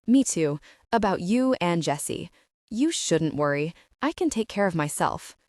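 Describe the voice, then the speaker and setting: A woman's voice: fairly low pitch, sing-song, measured pace, a little mellow, no room sound, studio quality. Woman voicing a snappish teen vampire girl. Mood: guarded. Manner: curt and defensive. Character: prickly teenage vampire girl, guarded and snappish.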